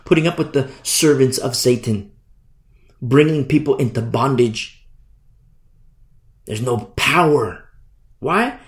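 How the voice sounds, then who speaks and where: A man preaching a passionate sermon as a pastor, sometimes acting out the voices of the people he describes. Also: medium pitch. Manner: impassioned, mimics people in quotes.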